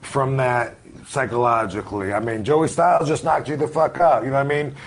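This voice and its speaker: A man's voice: mid-range voice, a little fast. Guest in his forties, laid-back rambling storyteller, mid-range voice. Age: 40s. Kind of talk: casual interview chat.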